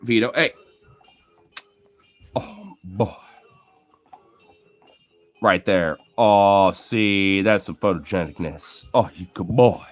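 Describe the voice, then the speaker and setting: A man's voice: sits low, takes it slowly, pauses often. A man casually commenting on footage of his dogs, cooing at them, laughing and swearing. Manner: excitable, cooing baby talk to pets, bursts of laughter, casual swearing. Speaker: video creator talking to his dogs.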